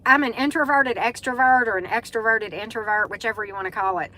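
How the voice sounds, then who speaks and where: A woman's voice: a little high, quick pace, bright, forceful tone, low-quality recording. A middle-aged woman with a Southern US accent hosts a casual live-stream chat, greeting viewers by name and using lots of fillers. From Southern United States.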